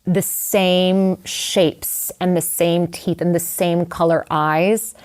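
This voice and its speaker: A young adult woman telling a personal story in a candid, animated way, full of "like" and "you know". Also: fairly low pitch, slow. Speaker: guest writer. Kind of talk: conversational storytelling.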